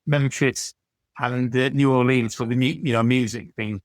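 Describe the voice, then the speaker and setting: A man's voice: medium pitch, fairly even intonation, moderate pace, dry recording. A man, a podcast guest telling rambling anecdotes with frequent stammered restarts. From England. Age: 60s. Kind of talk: casual storytelling chat.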